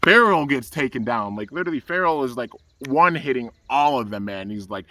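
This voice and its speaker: Eager male fan reviewer with a bright, forceful voice who rambles on outdoors. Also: mid-range voice, expressive, brisk, hardly any pauses. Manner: rambling, enthusiastic, says "man" a lot. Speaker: anime reviewer. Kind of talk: excited episode review. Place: outdoors under trees.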